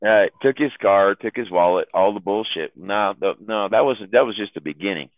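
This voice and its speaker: On dry, phone-like audio with no room sound, a chat room host with a lowish voice tells a long, profane story at a brisk pace. He rambles along casually and laughs at his own jokes.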